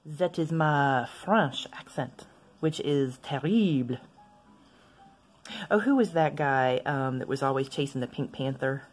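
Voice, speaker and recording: A woman chatting casually as she swatches inks for her video, rambling into asides and gently poking fun at herself. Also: rumbling low, a little slow, faint music behind. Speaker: stationery vlogger.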